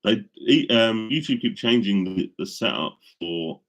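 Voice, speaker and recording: A man's voice: on the low side, lively intonation, a little slow. A middle-aged man casually chatting with viewers on a live stream, rambling with many ums and restarts, into a studio microphone.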